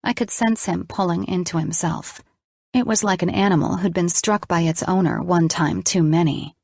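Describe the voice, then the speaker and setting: A woman narrating a romance novel in the first person, steady and measured. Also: fairly low pitch, creaky, no echo, clean studio sound. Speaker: audiobook narrator.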